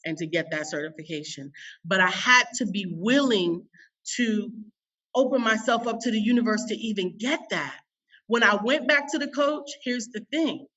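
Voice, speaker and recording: A woman with a bright voice tells a personal story as a podcast guest, emphatic and folksy, with plenty of feeling. She sits back from the mic, and the recording sounds dull and lo-fi. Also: mid-range voice, expressive, normal speed, distant mic. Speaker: business coach guest.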